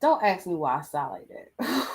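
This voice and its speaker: A woman's voice: fairly low pitch, darkish tone. A young woman hosting her own show, telling a personal story in a loose, slangy, chatty way. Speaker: host. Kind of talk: casual chat.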